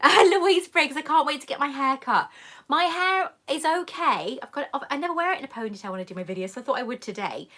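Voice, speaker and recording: A woman with a high, slightly bright voice hosts a casual live chat on YouTube, answering questions from viewers. She reads their comments aloud and calls people darling.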